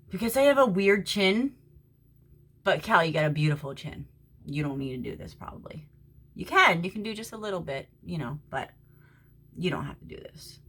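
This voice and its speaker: A middle-aged woman from Florida chatting casually at home as she does her makeup, talking to a friend and sometimes dropping to a soft whisper. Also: mid-range voice. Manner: chatty, talks to a friend while doing makeup, drops to soft whispers at times. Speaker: makeup vlogger. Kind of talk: casual makeup tutorial chat. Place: at home during quarantine.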